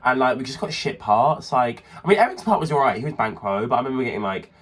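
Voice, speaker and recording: A man's voice: medium pitch, lively intonation, fast talker, fairly bright tone, breathy edge. A young man co-hosting a podcast in camp, chatty banter. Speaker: podcast co-host. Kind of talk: casual chat.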